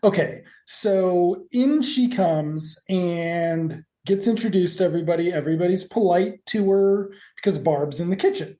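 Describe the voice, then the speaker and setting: A woman's voice: lowish voice, measured pace, few pauses, warm tone. A woman co-hosting a podcast, recapping a TV episode in casual, profane, jokey chat and acting out the characters' lines. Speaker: podcast co-host.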